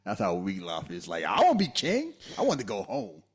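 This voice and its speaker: A man co-hosting a podcast, talking loosely about a film he is watching. His voice sits low but swings all over the place, and he often jumps into a high falsetto for movie lines. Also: wildly swooping pitch, brisk. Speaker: podcast co-host. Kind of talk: casual movie commentary chat.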